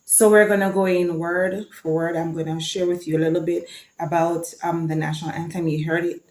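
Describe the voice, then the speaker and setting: A woman's voice: on the low side, little pitch movement, fairly quick, a little mellow. Chatty Jamaican woman in an echoey room. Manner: chatty and enthusiastic, sometimes reciting lines. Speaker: vlogger. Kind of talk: casual vlog talk.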